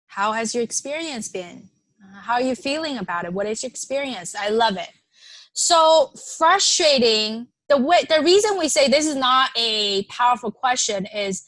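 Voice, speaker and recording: A woman leading an online workshop, talking casually, reading participants' suggestions aloud and warmly affirming them. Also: fairly high pitch, no room sound. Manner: conversational, with frequent fillers and restarts. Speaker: workshop presenter.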